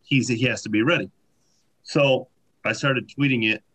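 A man telling stories in a casual chat, animated and full of fillers. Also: medium pitch, moderate pace, slightly rough. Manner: animated anecdotes, many fillers. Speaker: podcast guest. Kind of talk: casual storytelling.

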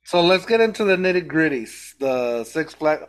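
A man's voice: fairly high pitch, expressive, moderate pace. Laid-back man hosting a podcast. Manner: laid-back, laughs often, hesitant fillers. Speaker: podcast host. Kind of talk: casual interview chat.

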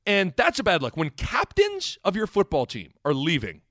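A man's voice: sits high, normal speed, no echo, clean studio sound. A man co-hosting a sports podcast, talking casually and rambling with many restarts. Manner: rambling, self-correcting, animated. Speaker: podcast co-host.

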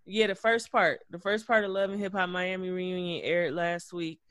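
A man co-hosting a podcast, recapping reality TV in an animated, gossipy way with plenty of cursing. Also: sits high, normal speed, no room sound, studio quality. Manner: animated, gossipy, profane storytelling. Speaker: podcast co-host. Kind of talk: casual reality-TV recap chat.

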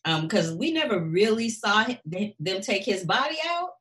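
A woman co-hosting a casual recap chat, talking in an animated way and acting out characters' lines. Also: medium pitch, normal speed. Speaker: show co-host.

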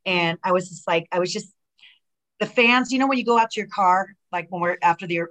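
A middle-aged woman in a relaxed interview, spinning stories with plenty of "like" and "you know". Her voice sits a little low, and she jumps into quoted dialogue with real animation. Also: fairly quick. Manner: animated storyteller who acts out quoted dialogue, many fillers and restarts. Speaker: guest, retired pro wrestler. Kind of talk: casual interview chat.

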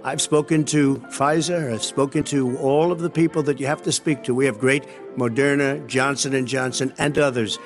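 A man's voice: mid-range voice, fairly even intonation, normal speed, few pauses, faint music behind. An older man in a televised debate, blunt and repetitive, often interrupting. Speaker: debate candidate. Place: large debate hall.

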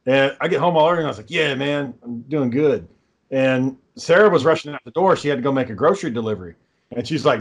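A man's voice: mid-range voice, fast talker, breathy edge. Blunt, cussing man telling stories. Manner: profane, blunt storytelling. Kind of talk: casual group chat, storytelling.

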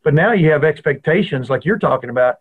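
Husky Southern man over a phone line. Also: fairly high pitch, animated, fast. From Alabama, raised in Texas. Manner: joking, short backchannels. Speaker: co-host. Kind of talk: casual sports talk.

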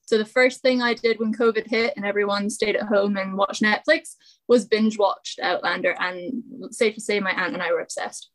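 A woman's voice: mid-range voice, steady tone, normal speed, fairly bright tone, rough recording. A young woman from Scotland with a faint Scottish accent, a hiker talking as a podcast guest, cheerful and often laughing. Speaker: guest, long-distance hiker. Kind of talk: casual interview.

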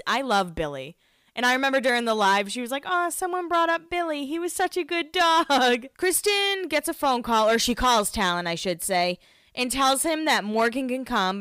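Chatty woman with a smooth, dry voice. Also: on the high side, lively intonation, normal speed, fairly bright tone, dry recording. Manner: chatty, lots of "like" fillers, self-deprecating. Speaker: podcast host recapping a reality show. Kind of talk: casual chat.

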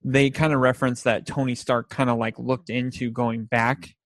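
A man in casual chat about movies, rambling and animated as he retells scenes. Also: medium pitch, moderate pace, no room sound.

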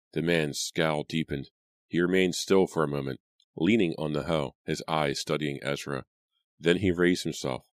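Measured male narrator with a very low voice, dry and close. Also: no echo. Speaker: audiobook narrator. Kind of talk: scripted narration.

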